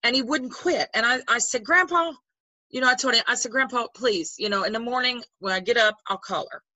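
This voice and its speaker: Chatty woman with a bright, husky voice. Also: fairly high pitch, brisk, no room sound, low-quality recording. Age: older. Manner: chatty, rambling with restarts, animated when quoting. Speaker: guest. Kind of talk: casual storytelling.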